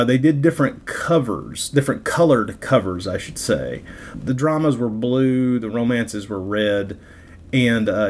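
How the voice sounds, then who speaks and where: A man hosting a podcast, talking casually and with enthusiasm, often halting on fillers and restarts. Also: medium pitch. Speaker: podcast host.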